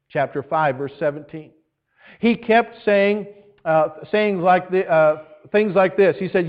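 A male pastor preaching a sermon with earnest, emphatic pauses. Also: sits high, highs cut off.

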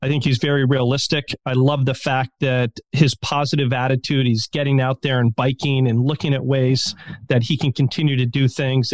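A man's voice: mid-range voice, no echo, clean studio sound. A man co-hosting a podcast in casual chat, joking around playfully. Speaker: podcast co-host.

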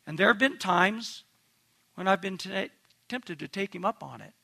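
Man pastor, sermon, high-pitched, bright tense tone, earnest and emphatic. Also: animated, moderate pace, gravelly. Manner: earnest, emphatic preaching with direct questions to the congregation.

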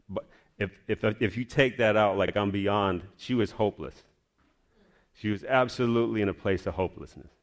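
Casting: man, lowish voice, casual testimony, rambling and animated. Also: moderate pace. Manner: rambling, restarts often, animated retelling. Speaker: storyteller sharing a personal testimony.

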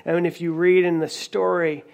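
A man delivers a sermon in an easy, conversational way, often restarting his sentences as he retells a story. His voice sits fairly high for a man and carries a gravelly rasp. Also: flat delivery, moderate pace, a little mellow. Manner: conversational preaching with many restarts and retold dialogue. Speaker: pastor.

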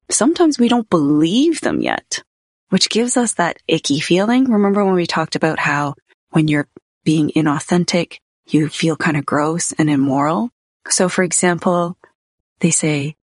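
A woman in her thirties hosting a solo podcast, her low voice gravelly and a little husky. She talks in a candid, personal way, laughing easily. The sound is dry and close. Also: no room sound. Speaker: podcast host.

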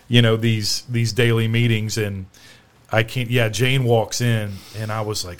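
A man's voice: lowish voice, flat delivery, measured pace, smooth. A man in his fifties, a distillery co-founder, telling stories and joking with a laugh in casual podcast chat. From Kentucky, USA. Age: 50s.

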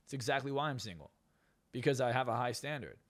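He's a young podcast guest, a hypnotist and success coach, who talks fast in a medium pitch with lively intonation. Expect lots of swearing, blunt statements and emphatic, brash jabs.

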